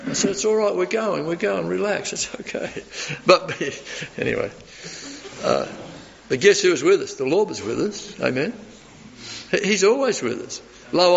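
Preacher in an echoing hall. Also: male voice, on the high side, a bit bright. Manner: earnest, folksy storytelling with chuckles. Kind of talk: sermon. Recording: dull reverberant hall recording.

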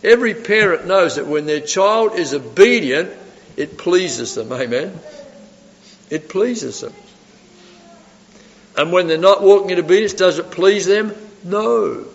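Emphatic preacher in a reverberant hall. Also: male voice, high-pitched, animated, measured pace, long pauses. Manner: asks the audience rhetorical questions, swings between loud emphasis and soft asides. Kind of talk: sermon. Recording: reverberant hall, dull lo-fi sound.

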